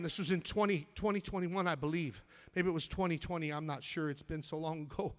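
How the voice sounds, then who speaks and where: In a fairly quick, steady-toned, slightly high voice, a middle-aged man preaches intensely, swinging from loud cries to quiet, almost whispered storytelling. Moved, he repeats his words.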